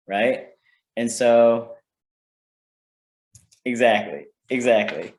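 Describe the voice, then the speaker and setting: A man's voice: mid-range voice, a little slow, pauses often, a little mellow. A man presenting a parenting workshop in an informal teaching style, conversational and often checking in with "right?". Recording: roomy echo.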